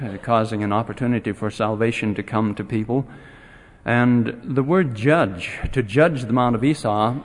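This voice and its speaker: Brief: male scripture teacher, ordinary mid voice, hesitant delivery that livens up in the stories, long hall reverb. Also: mid-range voice. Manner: halting, many filler pauses, grows animated when retelling stories. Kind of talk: classroom lecture on scripture.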